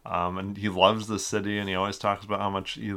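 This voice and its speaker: A man's voice: lowish voice, little pitch movement, quick pace, fairly bright tone. A man co-hosting a casual sports podcast, talking as an eager fan with lots of fillers. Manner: enthusiastic fan, rambling with many fillers. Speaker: co-host.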